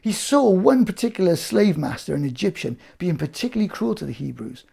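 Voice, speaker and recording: A man presenting a Bible story to children, patient and gently scolding his puppet partner. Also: high-pitched, big pitch swings, a little fast, creaky, slightly rough.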